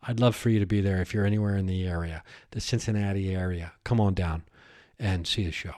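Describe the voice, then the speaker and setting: A man hosting his own podcast as a comedian, talking in a rambling, excitable solo monologue full of restarts and riffs. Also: low voice, brisk.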